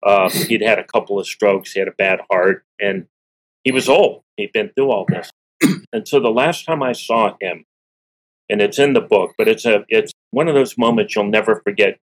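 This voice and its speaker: A middle-aged man speaks in a somewhat low voice, telling a personal story to an interviewer. He sounds earnest and frank and often stops and restarts his sentences. He clears his throat again and again as he talks. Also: moderate pace, poor audio. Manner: earnest, candid, with restarts and repeats. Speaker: interview guest, author.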